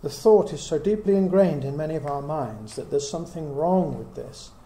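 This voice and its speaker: A man's voice: a little high, moderate pace, dark tone. A middle-aged man giving an earnest Bible teaching, reasoning aloud with many rhetorical questions. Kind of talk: teaching talk to a small group. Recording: echoey room with faint hiss.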